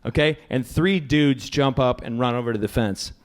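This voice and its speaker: A middle-aged man doing a stand-up set in a comedy club, rambling and self-deprecating, with bursts of shouting. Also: mid-range voice, normal speed.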